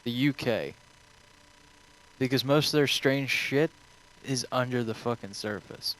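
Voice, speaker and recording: A man's voice: medium pitch, unhurried, fairly bright tone, low-quality recording. A young man streaming, answering viewer questions in a rambling, offhand way full of swearing. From United States.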